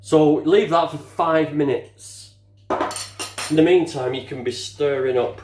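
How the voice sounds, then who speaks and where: An older man talks slowly and chattily as he cooks, dropping the odd mild curse under his breath. His voice rings around an echoey home kitchen. Dishes and utensils clink faintly behind him. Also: a little high, noisy background. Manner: chatty, casual swearing, mutters while working. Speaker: home cook. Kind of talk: cooking demonstration.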